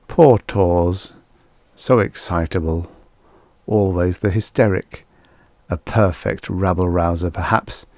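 A man reading vintage science fiction aloud in a measured, deliberate way, as an audiobook narrator. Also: low-pitched, gravelly, darkish tone, no room sound.

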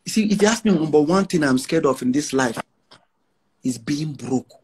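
A man of about forty, Igbo from Nigeria, speaks with a Nigerian Pidgin English accent in a slightly high, animated voice at a moderate pace, with slight background noise. He's a musician guest in a casual interview, talking brashly and emphatically and repeating lines for effect.

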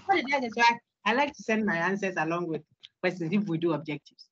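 A woman's voice: on the low side, fast, muffled recording, noisy background. A woman lecturer, giving an interactive online lecture, laughing often and quizzing her students. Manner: animated, laughs often, asks students questions. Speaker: university lecturer.

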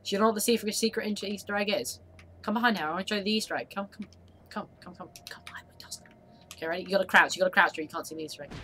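Brash young gamer guy, sharp bright tone, shouts insults mid-play; faint noise. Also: sits high, racing. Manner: loud, crude, yelling insults at enemies. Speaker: gamer co-host. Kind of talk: casual gaming chat.

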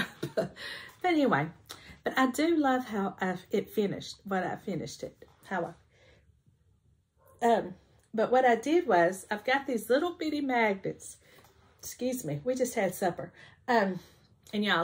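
A woman chatting casually at home about her finished cross-stitch pieces, rambling with many ums. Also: medium pitch. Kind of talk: casual show-and-tell chat.

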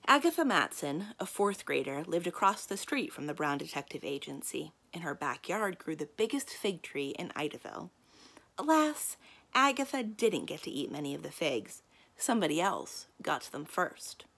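Creaky-voiced librarian reading aloud. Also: female voice, deep voice, moderate pace. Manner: calm, inviting storyteller. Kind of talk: reading a children's book aloud.

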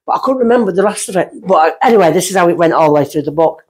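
Racing along in a slightly rough voice, a woman guest medium on a podcast recounts a lengthy personal story. It's casual storytelling full of rambling and tangents, and her pitch jumps up in her lively moments of excitement.

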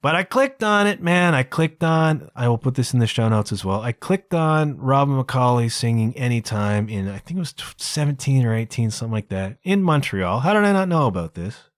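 A man's voice: medium pitch, big pitch swings, fairly quick, few pauses, no echo, clean studio sound. A man hosting his own podcast as a solo monologue, chatty and full of asides. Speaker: podcast host.

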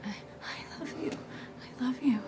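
An actress playing a young woman who pleads in breathy whispers, in a film clip. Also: slow pace, over loud music, lightly acted. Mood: pleading. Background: loud film score.

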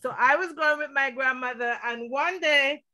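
A woman's voice: high-pitched, normal speed, bright, forceful tone. A middle-aged woman from Montserrat giving a tribute at a memorial service over a video call, telling a family story with laughter.

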